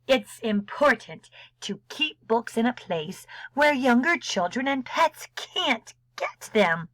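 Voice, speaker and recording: A woman librarian reading a storybook aloud to children, expressive and unhurried, dropping into soft whispers now and then. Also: a little high, dry recording, low-quality recording.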